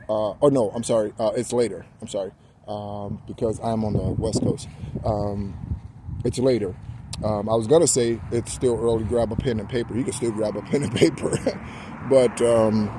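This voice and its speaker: A man giving a rambling, preachy spiritual pep talk outdoors, correcting himself as he goes. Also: mid-range voice. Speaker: spiritual guidance host. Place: outdoors near traffic. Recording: loud outdoor traffic noise. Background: street and car noise.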